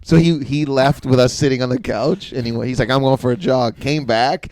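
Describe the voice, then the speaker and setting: A man in his forties, a comedian guest, telling a story in casual chat, animated and laughing, swearing often. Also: medium pitch, a little fast, no room sound.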